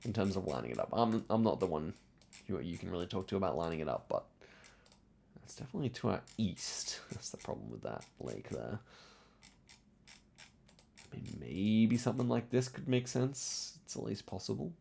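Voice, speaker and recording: Gravelly low-voiced man thinking aloud. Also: animated, moderate pace, pauses often, warm tone, slight background noise. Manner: thinks aloud, explaining clues with frequent hedges and restarts. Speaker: game commentator. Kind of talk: casual gameplay commentary.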